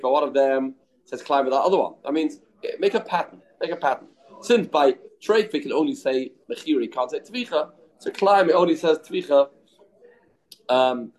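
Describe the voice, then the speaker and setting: A man teaching a daily Talmud lesson, arguing both sides in quick English laced with Aramaic and Yiddish terms. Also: medium pitch, a little mellow, poor audio. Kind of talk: daf yomi Talmud lesson.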